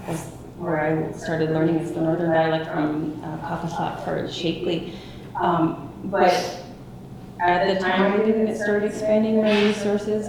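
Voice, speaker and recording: A woman with a fairly low voice tells her story to an audience in a reflective, unhurried way, pausing to find words. She sounds distant and roomy, like a talk in a museum hall. Listeners murmur in the background. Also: gravelly. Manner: reflective, personal, searching for words. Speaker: language team presenter. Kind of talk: public talk with audience questions. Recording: echoey room, far from mic.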